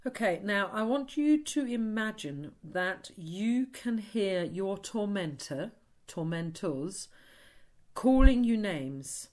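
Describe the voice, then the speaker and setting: A woman leading a guided tapping session in a slow, soothing, instructive way. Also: mid-range voice, expressive, darkish tone. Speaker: EFT tapping practitioner.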